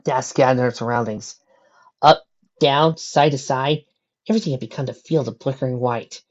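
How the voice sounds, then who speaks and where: Low-voiced woman reading a storybook. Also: normal speed, dull audio. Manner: steady descriptive narration with occasional slips. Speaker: narrator. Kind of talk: fan fiction audiobook reading.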